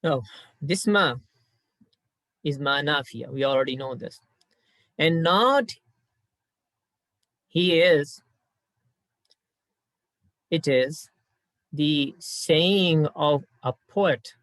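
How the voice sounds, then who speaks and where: Man, patient grammar teacher, slightly higher voice, repeats points, dry close recording. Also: a bit bright, no room sound. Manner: patient, repeats points, recites Arabic verses quickly. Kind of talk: explaining Arabic grammar lesson.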